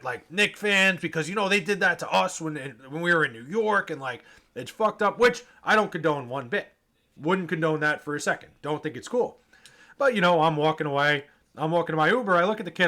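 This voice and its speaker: A man tells his stories to the camera in a high, bright voice. He is casual and animated, swears freely and mimics the people he ran into. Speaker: vlogger telling fan stories.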